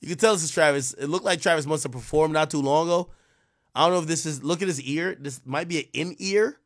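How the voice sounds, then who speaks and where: A man's voice: fairly high pitch, fast. A man hosting a live stream, giving casual, rambling commentary full of profanity and trash talk. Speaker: livestream host.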